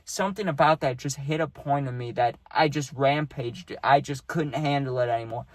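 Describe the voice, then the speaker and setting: A young man spins a long personal story in a casual, profane ramble, stacking up "like" and "dude" as he goes. His voice sits at an ordinary middle pitch. The sound is close and dry, with no room echo. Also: normal speed. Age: young adult. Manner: loose, profane, rambling with many fillers. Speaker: podcast host telling a personal story.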